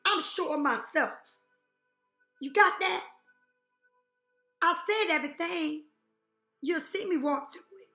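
A woman's voice: extremely high pitch, pushed and bright. A woman giving a tarot reading to her viewers, talking bluntly and profanely and firing rhetorical questions. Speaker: tarot reader. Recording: echoey room.

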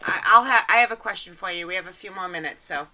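A woman co-hosts a casual radio chat, reading listener questions and answering in short, agreeable words. Her voice is bright and forward but comes through dull and lo-fi. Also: on the low side, fast, echoey room. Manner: brief, agreeable replies.

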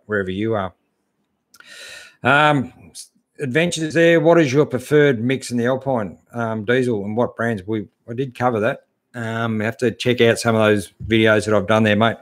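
A middle-aged Australian man hosting a casual live stream, reading out viewers' comments and answering them in a relaxed, chatty way that keeps coming back to "mate". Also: medium pitch. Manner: laid-back, chatty, calls everyone mate. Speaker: host answering live chat.

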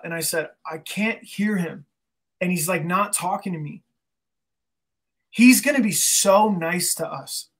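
A man guest in a casual interview, telling an emotional story earnestly, often restarting his sentences. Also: sits high. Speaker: guest, band singer.

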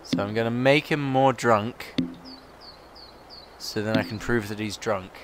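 A man's voice: fairly low pitch, a little slow, background noise. A man chatting playfully while playing a game, reading characters aloud in put-on voices.

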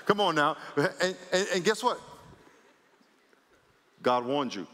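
Man preaching, bright forceful voice, animated with repetition, long church hall reverb. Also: fairly high pitch, slow. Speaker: pastor. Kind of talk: sermon.

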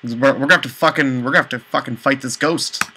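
A man commentating a let's play, exasperated, with high panicked outbursts and swearing. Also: fast talker, bright, forceful tone, slight background noise, rough recording. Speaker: gaming channel host.

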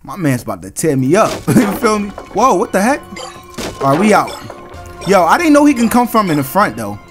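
A man's voice: high voice, huge pitch swings, a little fast. A man doing let's-play commentary on a horror game, chatting in slang and screaming at jump scares. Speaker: gaming channel host. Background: game music.

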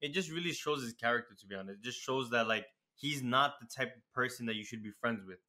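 A man guesting on a podcast, making his points in a measured, reasonable way. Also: medium pitch, sharp tone. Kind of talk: casual podcast chat.

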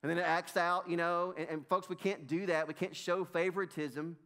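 A middle-aged man preaches with a Southern US accent, his voice pitched notably high for a man. He speaks emphatically, repeats phrases and calls out to the congregation as folks. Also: fairly even intonation, normal speed, bright, forceful tone. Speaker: pastor. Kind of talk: sermon. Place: church sanctuary.

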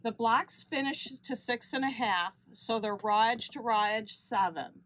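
A woman hosting a quilting channel, explaining each sewing step calmly and correcting herself now and then. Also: fairly high pitch, measured pace, a little hiss or hum. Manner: steady step-by-step explaining with small self-corrections. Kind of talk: unscripted sewing tutorial.

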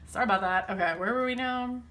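A woman's voice: fairly high pitch, fast talker, a bit bright, slight background noise. A woman chatting casually and rambling while she works on her planner, full of fillers and self-deprecating asides. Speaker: planner vlogger.

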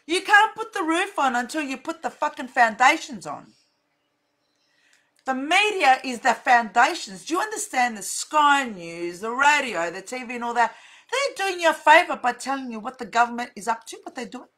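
A middle-aged woman talks straight to her viewers in a high voice. She lectures bluntly, swears often and hammers her points home by repeating them. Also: bright, forceful tone. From Australia. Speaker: vlogger, counsellor.

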